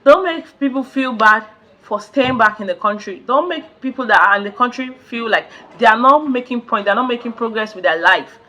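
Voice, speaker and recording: A woman's voice: on the high side, expressive, fairly quick, sharp tone. A Nigerian woman vlogger talking straight to camera in a casual rant, emphatic and repeating her points, pleading with her listeners.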